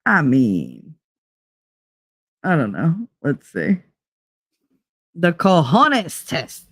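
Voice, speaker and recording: Reading quiz questions from the internet out loud, a young woman streamer keeps up a loose, profane, joking chat with a blunt edge. She speaks with a fairly low pitch on an echo-free recording.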